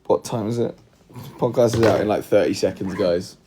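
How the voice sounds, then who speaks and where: Against a noisy background, a man with a lowish voice and fairly even intonation chats at normal speed on his livestream from a room at home. The podcast host is scattered and self-deprecating, talking while he handles other tasks.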